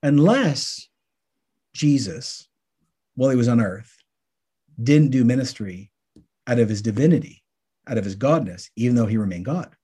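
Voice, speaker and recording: A man co-hosting a podcast, teaching through Bible passages in a casual, lively way and acting out the questions listeners might ask. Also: medium pitch, normal speed, pauses often, husky.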